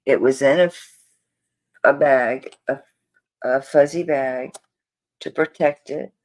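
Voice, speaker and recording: A woman's voice: extremely low pitch, takes it slowly, darkish tone. A woman selling jewelry on a live stream, chatting to viewers in a flustered, rambling way while she searches through orders.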